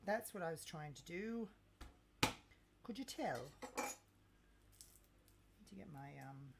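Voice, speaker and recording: A woman's voice: on the low side, animated, slow, creaky, pauses often, slight background noise. A woman chatting casually to her viewers while cooking in her home kitchen, talking to herself and joking with mock threats. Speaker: cooking livestreamer. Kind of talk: casual live-stream chat while cooking.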